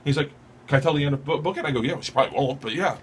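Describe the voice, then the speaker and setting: A man telling stories as a comedian guest on a radio show, excitable and profane, laughing as he goes. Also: fairly high pitch, racing, a little hiss or hum. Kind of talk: storytelling radio interview. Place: radio studio.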